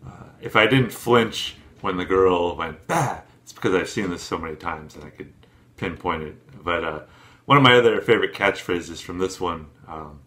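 A man hosting a reaction video, talking in a relaxed, rambling way and laughing often. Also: low-pitched, normal speed. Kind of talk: casual commentary.

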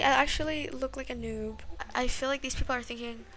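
A young woman with a high voice talks briskly over music. A gaming YouTuber, she gives casual, dramatic, excitable gameplay commentary and addresses her viewers as "y'all."

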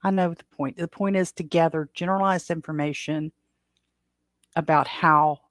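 A woman's voice: low voice, fairly even intonation, moderate pace, a bit bright, dry recording. A woman from the United States hosting her own podcast, chatting casually on her own and rambling with many fillers and restarts. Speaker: podcast host. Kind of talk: casual solo chat.

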